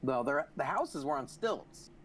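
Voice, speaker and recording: A man's voice: on the high side, sing-song, measured pace, slight background noise. Profane rambling male gaming host. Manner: profane, rambling anecdote-telling. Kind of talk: casual chat while playing.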